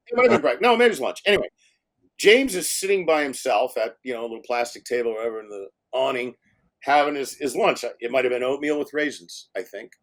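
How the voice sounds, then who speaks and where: A man around sixty, a film director telling anecdotes in a casual interview, laughing often and swearing freely. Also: mid-range voice.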